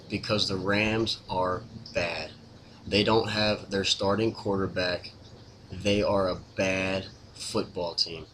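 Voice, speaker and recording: A man's voice: low voice, pushed and bright, a little hiss or hum. Exasperated man ranting about football. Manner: exasperated, repetitive, blunt. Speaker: sports fan vlogger. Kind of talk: casual fan rant to camera.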